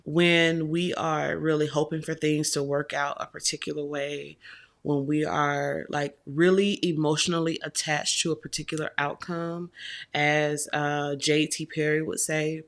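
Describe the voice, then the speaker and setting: A woman hosting her own tarot channel, talking to her viewers in a heartfelt, affectionate way. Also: deep voice. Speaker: tarot reader and channel host. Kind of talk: casual direct-to-camera tarot vlog.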